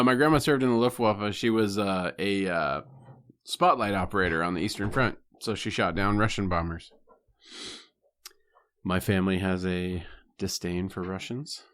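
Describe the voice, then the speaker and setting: Brief: male podcast guest, low voice, easygoing, says "yeah" a lot. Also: fairly bright tone. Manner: agreeable, many "yeah" replies, offhand. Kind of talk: casual chat.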